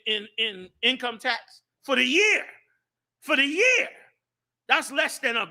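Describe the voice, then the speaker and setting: A man with a high, fiery voice and a sharp, bright tone hosts a show and leads a group. His casual talk is preachy and impassioned, climbing to shouts before sinking low again.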